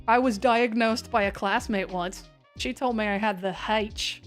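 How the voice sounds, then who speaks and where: A woman's voice: mid-range voice, a little slow, soft background music. A woman hosting a live severe weather stream in a chatty, scattered, self-mocking way. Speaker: severe weather livestream host. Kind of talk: casual live commentary.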